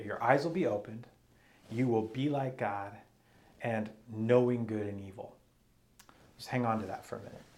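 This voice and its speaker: A man preaching a teaching sermon, reading passages aloud and then explaining them step by step. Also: medium pitch.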